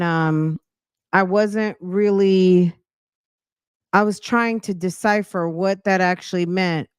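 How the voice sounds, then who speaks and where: A woman's voice: mid-range voice, smooth, dry recording, clean studio sound. A woman hosting a podcast, chatting casually and a little out of breath, talking straight to her viewers with slang. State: slightly out of breath. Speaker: podcast host. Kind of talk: casual commentary chat.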